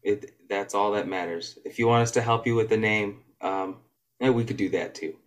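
A man's voice: fairly low pitch, moderate pace. A man playing a tabletop game who describes his actions in a playful way. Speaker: player. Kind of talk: casual tabletop play.

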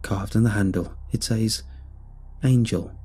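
Male horror storyteller, deep-ish and husky, measured delivery. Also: lively intonation, dark tone, soft background music. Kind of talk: scripted first-person horror narration.

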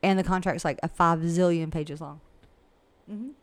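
A woman's voice: on the low side, steady tone, normal speed, dry recording. A woman who works as a real estate agent and coach, talking frankly and chattily in a casual interview. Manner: chatty and frank, with laughs and asides.

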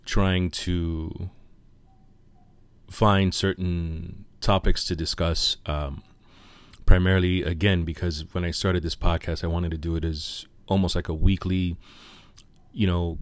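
A man's voice: low voice, dry recording. A man hosting a podcast, talking casually and hesitating with fillers and self-corrections. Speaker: podcast host.

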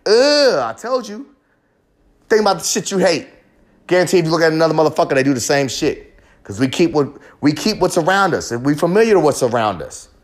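Talking fast in a fairly high voice with lively intonation, a man hosts a podcast. What he offers is a passionate, rambling confession, raw and full of profanity.

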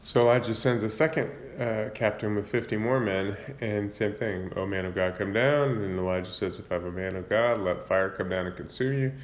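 A man with a low voice talks through a Bible passage in an easygoing, informal way. He paraphrases the story loosely, stopping to correct himself and using everyday fillers. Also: normal speed, hardly any pauses. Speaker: Bible reader retelling scripture. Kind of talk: casual Bible summary and commentary.

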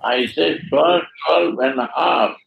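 Gravelly, husky elderly-sounding guru. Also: male voice, a little high, takes it slowly, lo-fi sound. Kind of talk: devotional teaching.

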